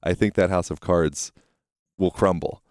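A man's voice: deep voice, a little slow, darkish tone, dry recording, clean studio sound. A young man hosting a podcast interview outdoors, rambling and searching for his words. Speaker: podcast host. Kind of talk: casual interview chat.

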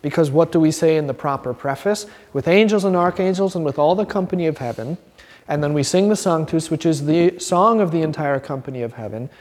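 A man teaching an informal Bible class as a pastor, earnest and animated, acting out quotes and restarting his sentences. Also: a little high, brisk, long reverb tail.

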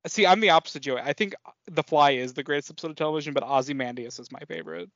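A man co-hosting a casual film podcast, excitable, swearing often and trailing off mid-sentence. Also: on the high side, racing, no echo. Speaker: podcast co-host. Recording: dull lo-fi podcast audio.

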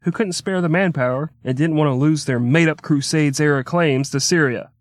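A man's voice: a little high, brisk, dry recording, studio quality. A man hosting a podcast, narrating history in an irreverent comedic way with crude joking asides. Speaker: podcast host.

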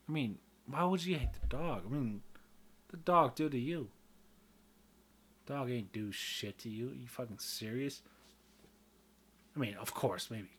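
A man's voice: mid-range voice, lively intonation, normal speed, a bit bright. A man in a casual, rambling monologue, swearing freely and losing his train of thought.

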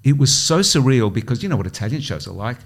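A man's voice: medium pitch, fast talker. Chatty Australian man telling stories. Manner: animated anecdote-telling, lots of restarts and acted-out quotes. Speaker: podcast guest, comedy writer and producer. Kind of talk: casual storytelling chat.

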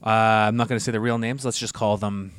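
A man co-hosting a casual podcast, telling stories full of swearing and loud laughs, acting out the people in them. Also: lowish voice, steady tone, fast, dry recording, studio quality. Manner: swearing storyteller, acts out voices, laughs loudly. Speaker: podcast co-host.

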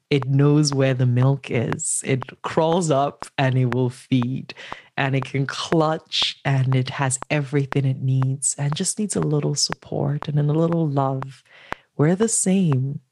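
A woman from Nigeria, a writer and storyteller, speaking as a podcast guest in a calm, measured, meditative way. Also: very deep voice, noisy background. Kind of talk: reflective interview answer.

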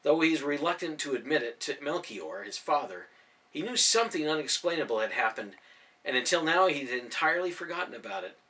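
A man's voice: on the high side, expressive, a little fast, bright, forceful tone, distant mic. A male storyteller animatedly reading a children's novel aloud, narrating each scene with expression.

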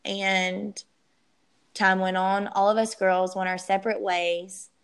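A young woman telling her personal story as an interview guest, emotional and halting, often restarting her sentences. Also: medium pitch, level tone, clean tone.

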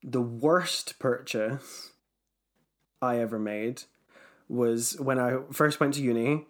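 A man's voice: medium pitch, slow pace. Teasing young man. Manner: animated, teasing, laughs often. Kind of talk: casual chat.

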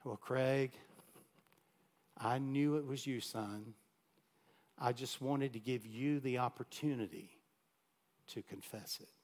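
Stern but kind male principal, measured and fatherly, quoted by a preacher. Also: mid-range voice, a little mellow, in a large hall.

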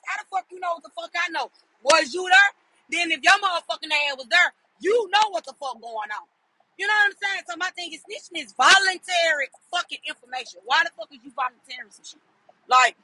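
A man giving a casual, profane opinion rant, often shouting for emphasis and asking "you know what I'm saying". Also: very high-pitched, fast talker, dry recording, poor audio. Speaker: commentator.

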